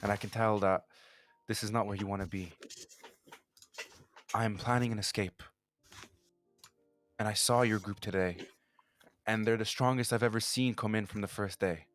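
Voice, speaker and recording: A man's voice: on the low side, fairly even intonation, moderate pace, pauses often, a bit bright, soft background music, close to an everyday voice. A man voicing a desperate young woman who lost her sister, speaking hesitantly with many restarts. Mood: pleading.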